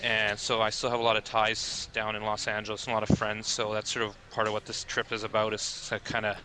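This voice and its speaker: A man co-hosting a podcast, chatting easily and telling stories in a relaxed way. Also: fairly low pitch, fast talker, background noise. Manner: easygoing storyteller, chatty. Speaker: podcast co-host on a trip. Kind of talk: casual podcast chat.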